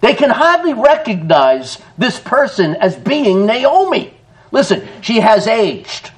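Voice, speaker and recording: A man preaching a sermon in an animated way, often laughing and calling his listeners folks. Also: high-pitched, slow. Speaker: pastor.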